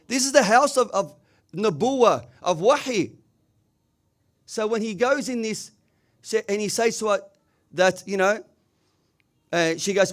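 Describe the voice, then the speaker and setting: High-voiced man preaching emphatically. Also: animated, a little slow, pauses often. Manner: emphatic storytelling with frequent rhetorical "huh?" asides; mixes English with Arabic religious phrases. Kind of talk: sermon. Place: community religious hall.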